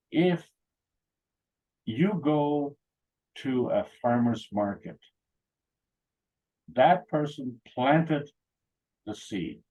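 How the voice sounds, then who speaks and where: A man with a low, husky voice talks casually at a meeting, rambling from one anecdote to the next with frequent fillers and restarts. The sound is dull and lo-fi. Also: a little mellow. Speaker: meeting speaker. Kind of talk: casual talk.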